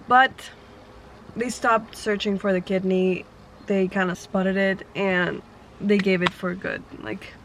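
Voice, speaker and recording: A young woman, not a native English speaker, chatting casually in a storytime vlog, rambling and sometimes dropping to a soft whisper. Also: mid-range voice, slow pace, slight background noise. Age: young adult. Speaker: vlogger.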